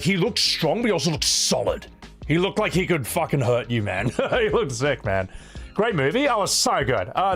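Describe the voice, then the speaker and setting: A man chatting casually on a live stream, blunt and opinionated, swearing freely and rambling through his points with restarts. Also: medium pitch.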